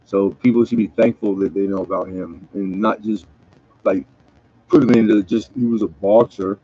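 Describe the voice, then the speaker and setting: A man's voice: lowish voice, fairly even intonation, moderate pace, mellow, muffled recording. A man from Southern California rambling and joking with profanity in a casual late-night livestream chat. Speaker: livestream host.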